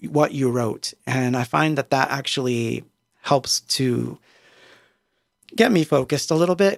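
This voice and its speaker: A man's voice: medium pitch, creaky, no room sound, studio quality. A man casually rambling on a livestream as a musician, wandering through his thoughts with lots of fillers and restarts. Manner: meandering, many fillers and restarts.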